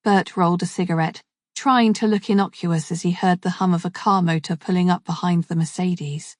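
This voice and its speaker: A woman with a lowish voice reading a crime story in an even, measured way. The recording is dry and close, with no room sound. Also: no room sound. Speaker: narrator. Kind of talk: scripted narration.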